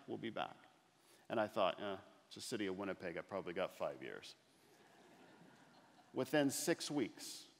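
Middle-aged male keynote speaker, mid-pitched, storytelling with slow emphatic pauses, long echo of a big hall. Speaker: motivational speaker. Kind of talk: inspirational keynote speech. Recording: long reverb of a large hall.

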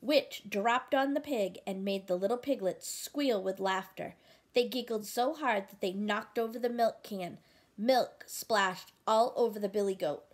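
A woman reading a picture book aloud, gently pausing to ask the listener questions about the story. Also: mid-range voice. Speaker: storybook reader.

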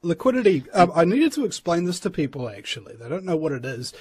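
A man's voice: on the high side, big pitch swings, quick pace, darkish tone, husky. A male host in casual interview chat, joking and explaining things in plain terms.

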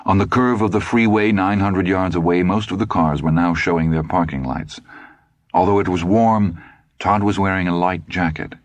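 Give me a man with a deep voice reading an audiobook gravely and deliberately. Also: dry recording, muffled recording. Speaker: audiobook narrator. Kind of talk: scripted narration.

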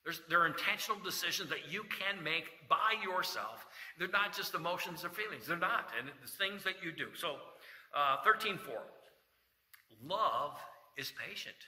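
A man's voice: high-pitched, animated, normal speed, sharp tone. Man preaching in an echoey church. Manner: folksy, jokes and asides, scripture quotes. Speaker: pastor. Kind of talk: sermon. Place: church sanctuary. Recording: echoey church hall reverb.

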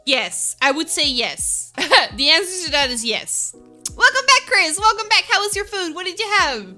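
A woman's voice: sits high, very animated, moderate pace, sharp tone, faint music behind. A woman streamer chatting casually with her live viewers, upbeat, laughing often and answering them by name.

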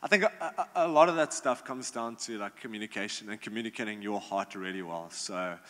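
A man's voice: fairly low pitch, a little fast, pushed and bright. Young guy fielding questions at a youth event, lots of ums and restarts, big reverby hall. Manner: informal, many fillers and restarts. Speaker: youth leader answering questions. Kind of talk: casual Q&A talk.

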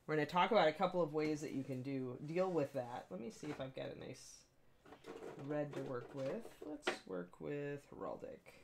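A middle-aged woman with a notably low voice hosts a casual live-stream lesson. She talks in a chatty, upbeat way and greets her viewers by name as she works at her painting desk. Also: expressive, moderate pace, gravelly, background noise. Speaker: miniature painting instructor, stream host.

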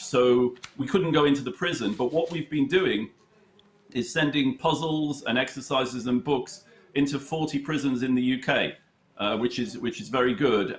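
A man being interviewed about his chess charity, telling anecdotes in a halting way with many fillers and a dry humour. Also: medium pitch, slight background noise. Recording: roomy echo.

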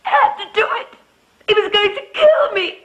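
An actress playing a shrill, hysterical woman who has shot a man, in a detective spoof. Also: animated, moderate pace, low-quality recording. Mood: frantic. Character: shrill, frantic female murder client.

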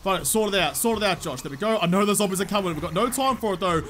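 A man's voice: sits high, animated, quick pace, fairly bright tone, slight background noise. A young man giving frantic, swearing commentary to himself while playing a video game. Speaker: gaming channel host. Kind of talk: live gameplay commentary.

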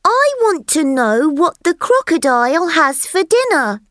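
A curious little elephant calf pipes up in a very high, eager voice, as a woman reading the story puts him on. His questions swoop up and down. The sound is dry and close. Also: sing-song, a little slow, fairly bright tone, no room sound, exaggerated voice.

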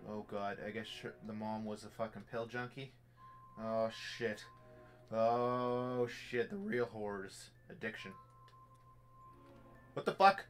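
Faint game music accompanies a young streamer commenting live on a VR horror game, jumpy, joking, and cursing to himself. He speaks at a measured pace in a lowish voice with little pitch movement.

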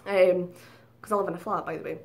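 A woman's voice: on the low side, fairly even intonation, fast, a little mellow. A woman talks straight to her viewers in a casual storytelling vlog. She is chatty and unguarded, swears freely and laughs at herself along the way. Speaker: vlogger.

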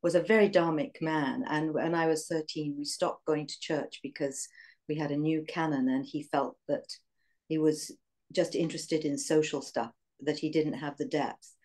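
A woman in her sixties with an English accent, reminiscing in an interview in a reflective, halting way with fillers and soft laughs. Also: deep voice, fairly even intonation. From England. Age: 60s.

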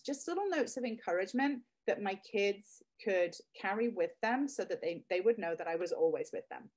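A woman's voice: mid-range voice, expressive, fairly quick, hardly any pauses, a little mellow. A woman in her thirties, a guest speaking heartfelt and close to tears about her children. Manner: heartfelt, near tears at times. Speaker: guest, product creator. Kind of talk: emotional interview.

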